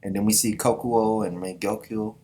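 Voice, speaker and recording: A man's voice: lowish voice, fairly even intonation, normal speed, dark tone. A man hosting a casual manga reaction, talking in loose slang with laughing asides.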